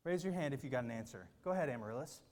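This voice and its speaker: A man's voice: medium pitch, lively intonation, racing, a little mellow. A man leading a children's church group activity, giving upbeat, coaxing instructions and checking often that the kids understand. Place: large room with a platform. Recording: long reverb of a big hall.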